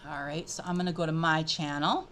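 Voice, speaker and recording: A woman presenting an upbeat, chatty software tutorial as she clicks through a screencast. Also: low voice, steady tone, fairly quick, slight background noise. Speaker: edtech presenter.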